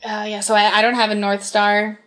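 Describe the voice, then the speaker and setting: A woman's voice: medium pitch, monotone, fairly quick, fairly bright tone. Chatty woman cosplayer. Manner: chatty, many fillers and restarts. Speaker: cosplayer guest. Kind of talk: casual interview chat.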